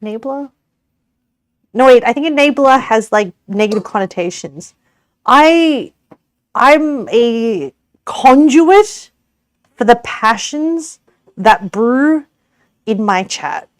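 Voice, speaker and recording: A woman's voice: fairly high pitch, lively intonation, takes it slowly, pauses often, no echo. An Australian woman streamer chatting casually with her viewers while cooking, giggly and rambling, often correcting herself.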